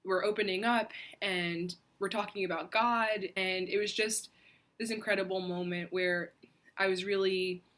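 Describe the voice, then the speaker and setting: Young adult woman, mid pitch, earnest reflective storyteller, casual vlog delivery with pauses. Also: fairly bright tone. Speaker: faith vlogger. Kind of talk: personal storytelling.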